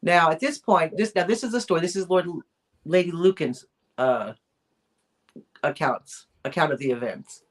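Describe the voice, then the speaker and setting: A woman's voice: on the low side, moderate pace, long pauses. A woman co-hosting a weekly chat, telling a true crime story in a casual, rambling way, with lots of fillers and restarts. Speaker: co-host of a weekly chat show.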